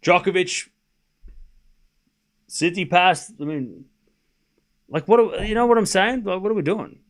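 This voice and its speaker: A man hosts a live tennis watchalong, talking loosely to his chat. His voice sits a little high for a man, and he rambles through rhetorical questions and dry sarcastic asides between calling the score. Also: animated, measured pace. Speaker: stream host and tennis commentator. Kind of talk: casual livestream commentary.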